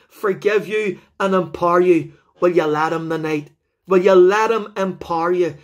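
A male preacher with a Northern Irish accent delivers an evangelistic sermon in a fervent style. His voice sits high for a man. He presses his listeners with repeated, direct questions. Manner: fervent, repetitive appeals to the listener.

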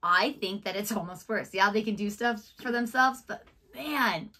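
A woman's voice: mid-range voice, normal speed, bright, forceful tone, slight background noise. An American woman, co-host of a reaction channel who works in a middle school, chatting and teasing. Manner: chatty, good-humoured, teasing. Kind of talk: casual chat.

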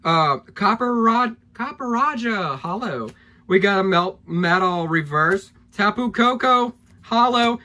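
A man opening trading card packs on camera, excitable and hyped, thinking aloud as he goes and losing his voice. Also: high-pitched, slow pace. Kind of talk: excited pack-opening vlog.

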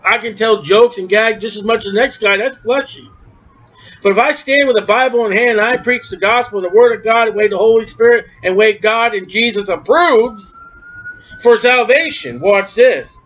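A male preacher delivers a forceful, emphatic sermon. His voice sits high for a man. The recording sounds dull and lo-fi. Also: moderate pace.

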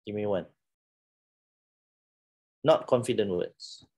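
A man's voice: fairly low pitch, takes it slowly, a little mellow, husky. A middle-aged man with a Malaysian English accent, giving a playful, teasing classroom talk and laughing often. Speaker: lecturer.

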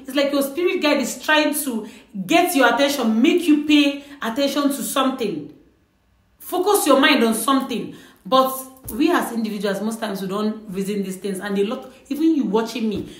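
A woman's voice: fairly high pitch, a bit bright, echoey room. A woman giving earnest, repetitive spiritual advice straight to the viewer in a casual vlog. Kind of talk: casual direct-to-camera advice.

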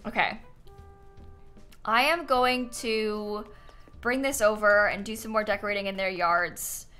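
Bright-voiced young woman streaming sleepily. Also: mid-range voice, fairly even intonation, measured pace, pauses often, clean tone, soft background music. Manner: chatty, thinking aloud, thanking viewers. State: sleepy, yawning. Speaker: livestreamer. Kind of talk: casual gaming stream chat.

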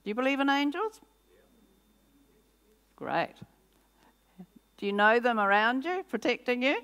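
An older woman giving a personal testimony as guest speaker in a church service, telling her story in a lively way, acting out her own reactions and laughing often. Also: on the high side, measured pace, pauses often, smooth.

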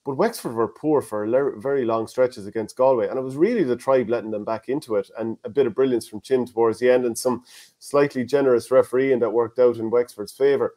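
An Irish man hosting a casual sports chat, reading out listener comments and giving his own views. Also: mid-range voice. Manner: fast, animated, reads listener comments aloud. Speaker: podcast host.

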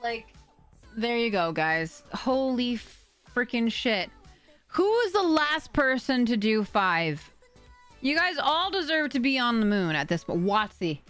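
Excitable woman streamer with faint music. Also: a little high, a little slow. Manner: excitable, swearing, laughing, reading out donations. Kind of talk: live-stream chat with viewers.

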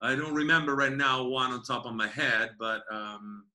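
A man's voice: medium pitch, level tone, normal speed, pushed and bright. A man with an Italian accent chatting casually about music, often restarting phrases as he searches for words. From Italy. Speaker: guest musician and tour guide. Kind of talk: casual chat.

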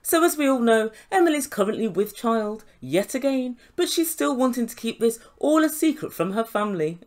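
A woman's voice: fairly high pitch, sing-song, normal speed, a little mellow. A woman recapping a reality show in a sarcastic, mocking way, laughing often. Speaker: YouTube reality TV reviewer.

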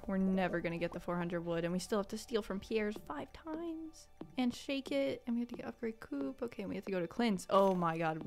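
A woman streaming a farming game live, chatting playfully with her viewers and reading their comments aloud. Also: mid-range voice. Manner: chatty and playful, answers chat, mock outrage. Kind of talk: casual live-stream chat.

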